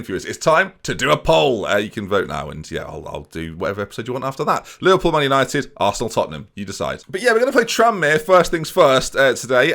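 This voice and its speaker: A man rattles through casual gameplay commentary at a quick clip. His pitch swings widely as he talks straight to his viewers. He adds self-mocking asides along the way. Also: a bit bright. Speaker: video game let's-play host.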